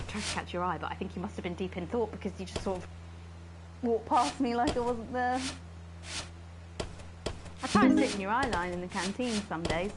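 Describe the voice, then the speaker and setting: A posh, lovelorn female presenter, played by a woman, spills an awkward, obsessive confession at the end of a broadcast. Her voice sits mid-range, and a steady hiss runs under the recording. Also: medium pitch, natural voice. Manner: rambling, awkward, pleading confession.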